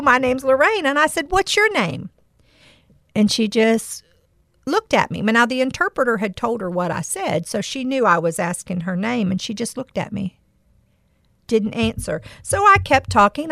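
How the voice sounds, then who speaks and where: A middle-aged woman with a gravelly edge tells a heartfelt story in an earnest, emotional way. She hosts a faith podcast, and the sound is close and dry. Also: on the high side, fairly bright tone, dry recording. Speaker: podcast host. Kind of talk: personal storytelling with Bible reflection.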